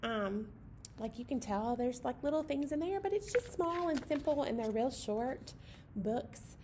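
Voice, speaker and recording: Upbeat storytime librarian, woman, high animated voice, chatty. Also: slight background noise. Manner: cheerful, chatty, with fillers and quick asides. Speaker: children's librarian. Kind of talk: storytime chat for children.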